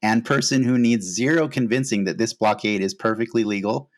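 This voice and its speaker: A man with a lowish voice hosts a fan podcast in a relaxed, casual way. He talks earnestly, sprinkling in plenty of "uh" fillers as he introduces the episode and guests. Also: fairly quick. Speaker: podcast host.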